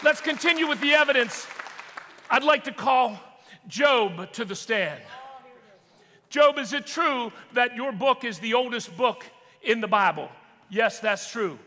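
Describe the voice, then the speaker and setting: A man's voice: extremely high pitch, lively intonation, measured pace, pauses often, bright, forceful tone, big-room sound, some chatter behind. A man preaching a sermon with dramatic, courtroom-style framing in a church auditorium. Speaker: pastor.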